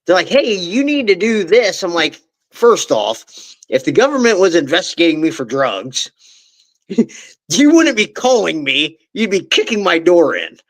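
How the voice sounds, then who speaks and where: A man's voice: on the high side, very animated, measured pace, a bit bright. A man guest on a podcast, chatting casually and laughing as he tells an anecdote.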